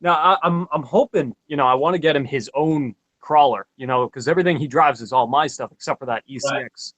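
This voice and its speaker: A man's voice: mid-range voice, a little fast, a bit bright, highs cut off. A man chatting casually as a guest, easygoing and agreeing with short replies. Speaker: guest in an RC hobby hangout. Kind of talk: casual chat.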